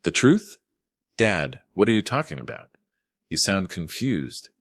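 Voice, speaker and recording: A man's voice: deep voice, very animated, unhurried, no room sound, clean studio sound, voice pushed up, heavily acted. A man voicing a grown daughter in a dramatized story, pleading and anxious. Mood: defensive. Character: young adult woman, the narrator's daughter.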